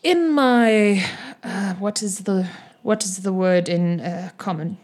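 A woman's voice: mid-range voice, takes it slowly, darkish tone. Brief: woman game master, casual narration, descriptive.

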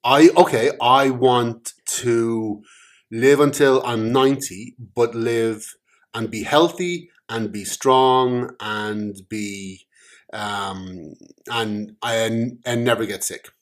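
A man's voice: mid-range voice, slow, natural voice. A man playing an eager, stammering wisher. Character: lucky man making eager, dreamy wishes.

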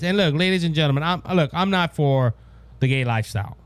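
A man delivers a political commentary monologue in a fairly high voice, blunt and repetitive, forever addressing "ladies and gentlemen." He trips and restarts as he reads news copy aloud. The recording is dry and close, with no room sound. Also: expressive, moderate pace, smooth, no echo. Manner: stumbling restarts while reading news aloud. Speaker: podcast host.

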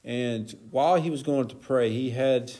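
A man with a mellow, dark-toned voice teaches from the Bible in an easygoing, chatty way. He talks at an ordinary pitch and keeps slipping in fillers and side remarks as he explains. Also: normal speed. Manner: casual, conversational, with many fillers and asides.

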